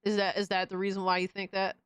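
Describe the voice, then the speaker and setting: A woman hosting a live stream, reading chat messages aloud and reacting in an excitable, profane, casual way. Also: mid-range voice, quick pace, clear, resonant tone, dry recording. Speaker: livestream host reading chat.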